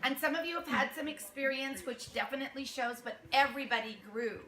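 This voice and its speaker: Her voice sits high and moves a little fast as she warmly directs young theater performers, laughing and performing their lines herself. The room is echoey and crowded, with the audience murmuring and laughing, and there's slight background noise.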